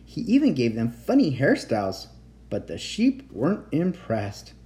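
A man hosting his own bedtime story show and reading a fable aloud. His voice is mellow and unhurried. He swings his pitch widely to bring the tale to life. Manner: expressive, gentle read-aloud.

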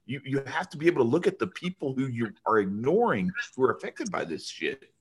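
A man's voice: mid-range voice, big pitch swings, brisk, slightly rough. A married man hosting a podcast, talking in a heated, profane way with many restarts. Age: adult, married. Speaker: podcast host. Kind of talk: casual podcast chat.

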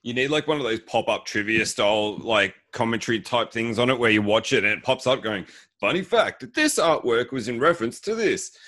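A man co-hosting a podcast, chatting casually about a movie, relaxed and amused. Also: mid-range voice, brisk. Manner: laughs often, relaxed and amused. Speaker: podcast co-host.

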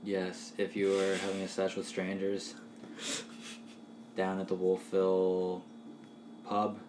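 Man, podcast co-host, casual chat, low voice, playful, roomy echo. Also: completely flat delivery, background noise. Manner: chatty, laughing, quick to act out little quoted voices. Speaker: podcast co-host and game master. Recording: roomy echoey room.

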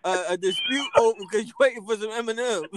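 A man's voice: high voice, fast talker, a loud crowd. A man co-hosting a podcast in casual chat, teasing and laughing. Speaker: podcast co-host.

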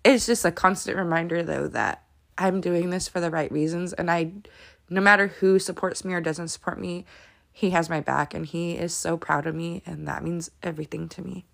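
A woman's voice: fairly low pitch, steady tone, normal speed, vocal fry, fairly bright tone. A woman in her thirties talking candidly to camera as she answers follower questions, emotional and sometimes close to tears, with lots of fillers. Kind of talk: casual confessional talk to camera.

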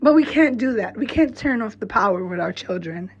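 A woman's voice: medium pitch, expressive, husky. A young adult woman, a mother, speaking to camera in a heartfelt, blunt, profane and encouraging monologue. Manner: blunt, profane, encouraging, slow emphatic phrasing. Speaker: mom vlogger. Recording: slightly dull lo-fi recording with faint music behind.

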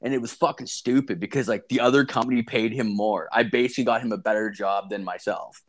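A man's voice: fairly low pitch, fast talker. A man co-hosting a podcast, telling a rambling story in casual chat, swearing constantly and laughing often. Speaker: podcast co-host.

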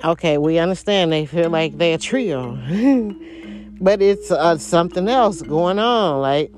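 A woman's voice: on the low side, animated, unhurried, a little mellow, faint music behind. Blunt, foul-mouthed woman ranting. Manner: blunt, heavily profane, rambling and repetitive. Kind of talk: casual monologue rant.

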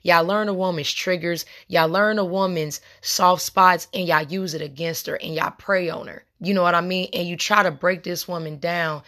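A young adult woman talks in a slightly low voice, speaking her mind on a podcast. She is conversational and impassioned, calling her listeners y'all as she builds her points. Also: fairly even intonation, moderate pace, hardly any pauses, bright, forceful tone. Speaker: podcast host. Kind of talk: casual monologue.

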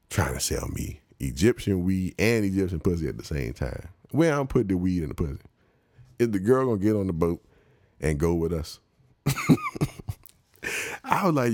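A man casually telling a travel story in a slangy, animated way, laughing often and acting out the people he met. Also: deep voice, vocal fry, dry recording, clean studio sound. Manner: slangy, conversational.

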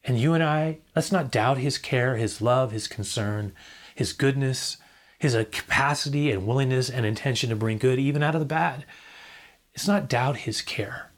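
A middle-aged man preaches in an earnest pastoral tone. He repeats his key lines and now and then falls almost to a whisper. His pitch sits in an ordinary middle range for a man. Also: normal speed. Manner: earnest, repeats key phrases, drops to a near whisper at times. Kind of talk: sermon.

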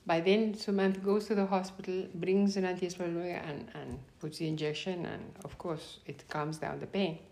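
A woman's voice: on the low side, moderate pace, gravelly, few pauses. A woman telling a personal story in an interview, acting out the dialogue and laughing often as she goes. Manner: animated, acts out quoted dialogue.

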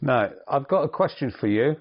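A man hosting a relaxed football podcast who steers the talk with dry, teasing questions. His voice sits at a middle pitch, and the recording is somewhat dull and lo-fi. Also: normal speed. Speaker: podcast host. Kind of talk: casual chat.

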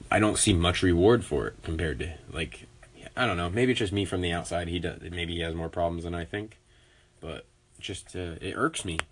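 A man's voice: low-pitched, husky. A young man venting to viewers in an exasperated, profane, rambling way. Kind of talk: casual vent to viewers.

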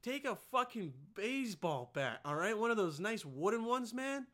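A man hosting a podcast, doing a rowdy, profane comedic ad read with sudden loud outbursts. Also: sits high, very animated, normal speed. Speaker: podcast host.

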